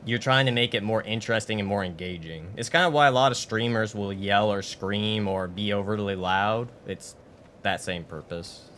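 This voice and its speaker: A man's voice: fairly low pitch, moderate pace, fairly bright tone, a little hiss or hum. A man streaming a game, chatting casually in a rambling way with many fillers and restarts. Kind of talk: casual chat while gaming.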